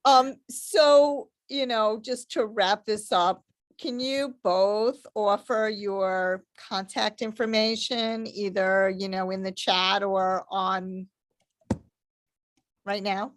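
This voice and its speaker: A woman hosting an interview over a video call, measured as she wraps up. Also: mid-range voice, steady tone. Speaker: host. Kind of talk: interview wrap-up.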